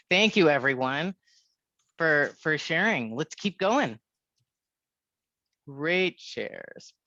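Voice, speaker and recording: A woman from India with an American accent leading an online leadership workshop, lively and checking in with a frequent "right?". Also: sits low, no room sound, dull audio. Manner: lively, keeps asking "right?".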